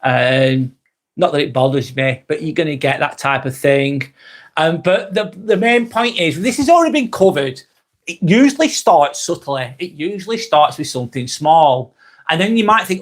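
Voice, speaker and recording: A man from England with a Northern English accent hosts a casual live vlog from his home, speaking at normal speed in a fairly high, animated voice. He's blunt and chatty, swears freely, and keeps repeating his points in this casual live-stream talk.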